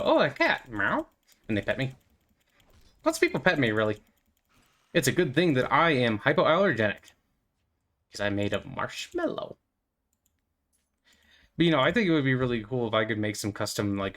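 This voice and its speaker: A young man hosts a gaming channel, rambling playfully through casual commentary as he plays, full of fillers and goofy asides. His voice is fairly low and a bit bright.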